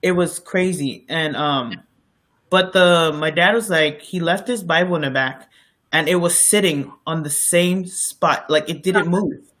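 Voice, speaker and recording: Name: bright, high-voiced male co-host. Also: measured pace. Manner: rambling, with many restarts and fillers. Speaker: podcast co-host. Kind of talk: casual storytelling chat.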